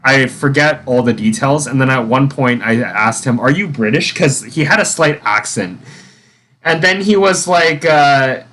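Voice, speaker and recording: A man's voice: mid-range voice, unhurried, fairly bright tone. Rambling young man telling his week. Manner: rambling, many fillers and restarts. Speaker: vlogger. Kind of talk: casual storytelling.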